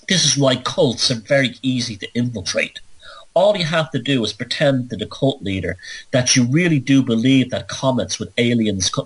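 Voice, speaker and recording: A man's voice: medium pitch, fairly bright tone, slightly rough, low-quality recording. A man hosting a monologue podcast, ranting emphatically with sardonic, playful asides. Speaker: show host.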